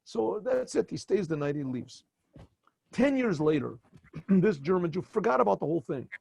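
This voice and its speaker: A man, a rabbi, telling a story in an animated way and acting out each character. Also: high-pitched, normal speed, vocal fry, husky. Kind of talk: storytelling talk.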